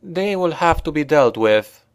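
A man's voice: on the high side, expressive, unhurried, no echo, voice pushed up. A man voicing a solemn, formal elven woman who leads the way. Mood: grave urgency. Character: grave elven woman guide.

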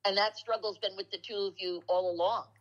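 A woman with a medium-pitched voice and fairly even intonation tells heartfelt personal stories as co-host of a casual spiritual talk show. She's earnest, growing slow and soft at emotional points, though the recording is muffled.

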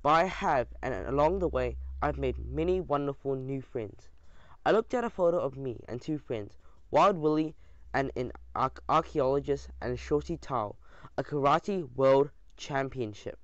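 A man narrating a children's audiobook in an expressive, lively storytelling manner, with the odd small slip. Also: medium pitch, unhurried, no room sound. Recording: dull dry lo-fi sound.

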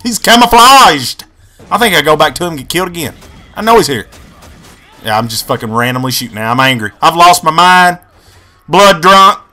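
A man hosting his gaming channel, giving excitable, profane, rambling commentary over his own gameplay. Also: on the high side, moderate pace.

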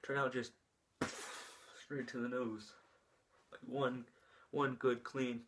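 A young man tells a story straight to camera in a loose, rambling way. He keeps circling back with "like" and restarts, and he acts out the moves with his hands as he goes. His voice sits at an ordinary middle pitch for a man. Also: flat delivery, takes it slowly, fairly bright tone, a little hiss or hum. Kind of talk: casual story time vlog.

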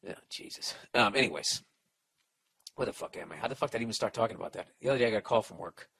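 A man's voice: fairly low pitch, racing, creaky, breathy edge. A man hosting a comedy podcast, giving advice in a profane, rambling rant, restarting sentences and mimicking people. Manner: profane, rambling, animated ranting; restarts and mock voices for people in stories.

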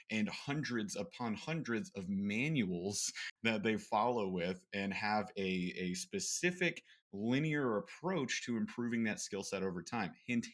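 A man in his thirties co-hosting a sales podcast in casual, energetic talk, acting out little coaching lines. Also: fairly low pitch. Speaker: podcast co-host.

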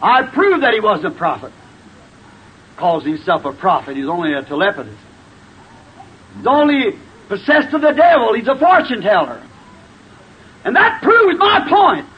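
Preacher voicing a mocking, haughty Pharisee man, high and sneering; muffled old tape. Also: very animated, fairly quick, breathy edge. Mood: scornful. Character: scornful proud Pharisee host, middle-aged man. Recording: dull old tape with faint hiss.

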